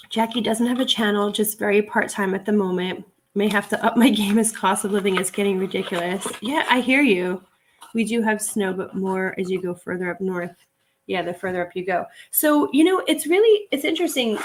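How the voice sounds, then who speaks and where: A chatty woman talks through her work on a casual live stream, going through jewelry and gushing over the cute pieces. Her pitch sits in an ordinary middle range, and keys clatter softly behind her. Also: normal speed, a little hiss or hum. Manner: chatty, gushing over items, reads viewer comments. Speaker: reseller livestream host.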